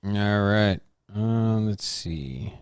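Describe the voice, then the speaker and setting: Playful male co-host, lively pitch. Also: extremely slow, clean tone, no room sound, studio quality. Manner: playful, teasing. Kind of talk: casual banter.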